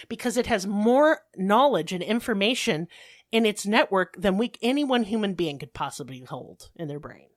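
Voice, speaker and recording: A woman hosting a casual podcast. She explains in a brisk, emphatic way and breaks into profane mini-rants. Her voice sits at an ordinary middle pitch. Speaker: podcast co-host explaining a topic.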